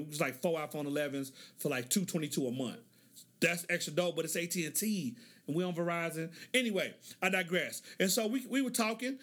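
A man's voice: high voice, fairly bright tone. A middle-aged man hosting a casual monologue, telling stories in a laid-back way, laughing often and acting out the lines of the people in them. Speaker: podcast host.

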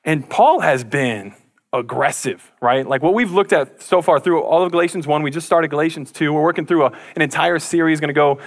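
A man preaching from the pulpit, talking in a loose, joking way. His voice sits a little higher than most men's. Now and then he slips into playful little impressions. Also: brisk. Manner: conversational, jokey, animated impressions. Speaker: pastor. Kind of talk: casual sermon.

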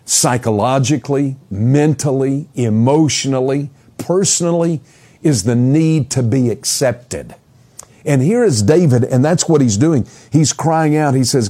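A man's voice: mid-range voice, animated, measured pace, warm tone, breathy edge. A man preaching an expository sermon, earnest, asking the listeners questions and often repeating words as he goes.

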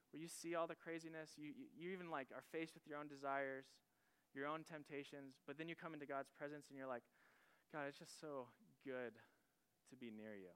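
A man's voice: a little high, a bit bright, clean tone. A man preaching a sermon in an earnest, conversational way, often acting out what God or a believer might say. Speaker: pastor.

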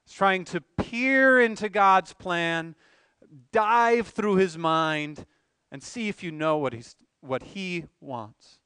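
A male pastor delivers an earnest sermon, posing rhetorical questions and building to emphatic swells. His voice sits high for a man and sounds smooth and resonant. The recording is dry, with little room sound. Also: slow, pushed and bright, no echo.

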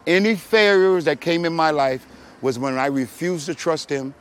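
A middle-aged man giving a personal testimony in church, telling his story in an animated way and acting out the voices with big swings in pitch and loudness. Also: normal speed, clear, resonant tone. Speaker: testimony speaker.

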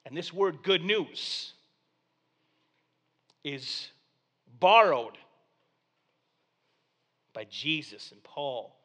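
A male pastor delivering a sermon, swinging from hushed, low passages to loud, excited proclamations. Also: very slow, long pauses. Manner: dynamic preaching, dropping to hushed tones then rising to loud exclamations.

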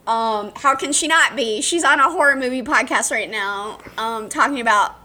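Woman, podcast co-host, from Alabama, casual chat, playful puns, bright voice. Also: fairly high pitch, moderate pace. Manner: playful, punning, self-mocking storyteller.

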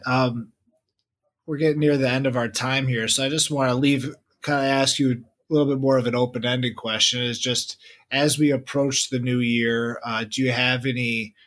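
Bright-voiced male podcast host. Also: medium pitch. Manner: friendly, asks open questions. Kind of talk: interview hosting.

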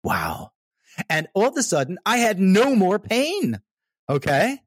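A man telling a personal story in casual conversation, animated and emphatic. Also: high-pitched, unhurried, slight background noise. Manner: animated, emphatic, repeats "okay?" for effect.

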